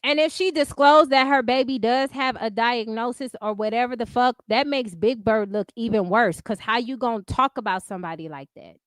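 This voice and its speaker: A woman's voice: a little high, moderate pace, few pauses, clear, resonant tone, no room sound, studio quality. A woman hosting a livestream, ranting in a profane, combative way and answering her chat in casual speech. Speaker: livestream host. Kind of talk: heated casual commentary.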